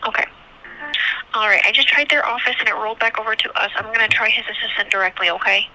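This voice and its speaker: A woman's voice: fairly high pitch, fast talker, sharp tone. A woman working as a receptionist at a city office, speaking politely and helpfully on the phone. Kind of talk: phone call. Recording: phone line with faint hiss.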